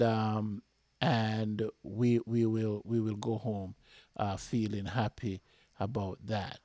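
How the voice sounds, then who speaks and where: A Jamaican man hosting a fan channel, giving an impassioned match reaction that repeats itself and flares up before calming. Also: medium pitch, dry recording. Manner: impassioned, repeats himself, flares up then calms.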